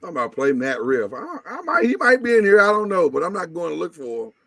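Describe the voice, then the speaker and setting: A man's voice: sits high, sing-song, fast talker, creaky, pushed and bright. Teasing man hosting a live stream. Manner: blunt, joking, teasing. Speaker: host. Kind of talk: casual live-stream chat.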